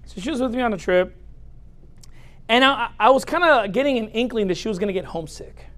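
A man preaching a humorous sermon as a pastor in a church, speaking straight to the audience in a lively, joking way. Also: extremely high pitch, brisk.

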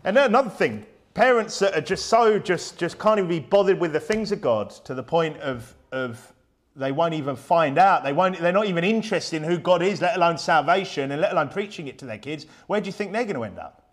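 A man's voice: on the high side, expressive, brisk. A man preaching a sermon in a church, emphatic and fiery, firing off rhetorical questions.

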